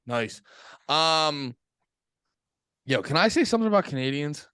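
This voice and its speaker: Male podcast co-host, sarcastic rambling talker, smooth tone, dry studio sound. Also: fairly high pitch, sing-song, unhurried, sharp tone, no room sound. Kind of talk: casual chat.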